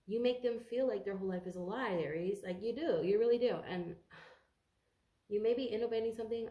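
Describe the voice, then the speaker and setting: A congested woman talks through a tarot reading in a loose, rambling way, cursing casually and tripping over words. Her voice is low, dark and gravelly with plenty of fry. The room around her is echoey. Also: muffled recording. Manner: rambling, swears freely, stumbles over words. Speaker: tarot reader.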